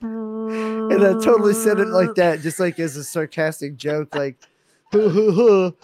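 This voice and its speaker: A man's voice: high voice, level tone, moderate pace, over a noisy crowd. A young man on a podcast, telling a road trip story in casual chat, swearing and laughing as he acts out the people in it. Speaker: podcast co-host.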